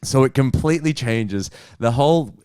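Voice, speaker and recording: A young man, a stand-up comedian, telling a story in casual chat, animated and swearing freely. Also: medium pitch, moderate pace, smooth, no room sound, clean studio sound. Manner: animated, swears freely, acts out other people's lines.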